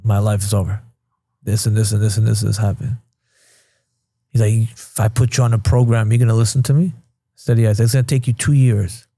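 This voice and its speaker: A man's voice: fairly low pitch, gravelly, mellow, slightly rough, dry recording. A man in his thirties from Queens, New York, a podcast guest telling his life story candidly and casually, swearing freely and acting out past conversations. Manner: blunt, swears freely, retells scenes with quoted dialogue.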